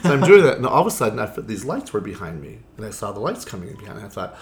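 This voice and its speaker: A man's voice: lowish voice, very animated, very fast, few pauses, a crowd in the background. A man who performs as a drag queen, telling stories in a casual interview. He talks in a chatty, theatrical way, leans on "you know" fillers and acts out the lines of the people in his stories.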